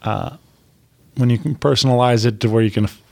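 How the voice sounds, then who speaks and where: A man hosting a casual chat, speaking in a laid-back, halting way with many fillers. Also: mid-range voice, creaky. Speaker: host.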